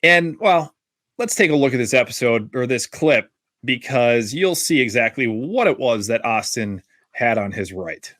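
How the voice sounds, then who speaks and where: A young man with a Minnesotan accent talks through a casual podcast in an animated, rambling way. His voice is bright and forward, recorded close with a dry sound. He keeps stopping and starting mid-sentence. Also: mid-range voice, moderate pace, dry recording. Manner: animated, rambling with restarts and swearing. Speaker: podcast co-host.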